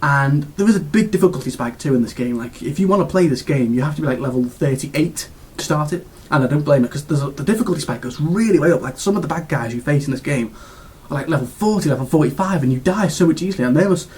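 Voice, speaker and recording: A man's voice: fairly high pitch, fast, hardly any pauses, darkish tone. A British man giving a casual video game review, gushing and rambling with lots of restarts and fillers.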